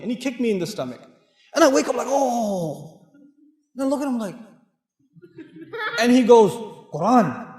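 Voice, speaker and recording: A man with a high, lively voice delivers a sermon to an audience, often laughing and acting out the voices in his stories. His voice echoes through a large reverberant hall. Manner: animated, swings between loud and hushed, laughs often; acts out dialogue in his stories. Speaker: Islamic speaker.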